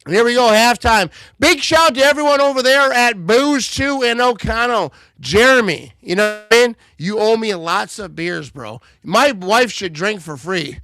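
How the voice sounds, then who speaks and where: High-voiced guy doing loud jokey play-by-play, a little buzzed, bright and dry sounding. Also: expressive, moderate pace, hardly any pauses, no room sound. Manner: loud, joking play-by-play banter. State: tipsy. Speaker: livestream host. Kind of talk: live game watch-party commentary.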